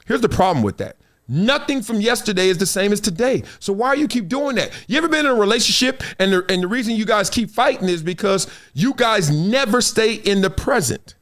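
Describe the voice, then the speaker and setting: A man hosting a podcast, giving animated, preachy commentary and acting out little quoted exchanges. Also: high-pitched. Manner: preachy, dramatic, acts out quotes. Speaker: podcast host.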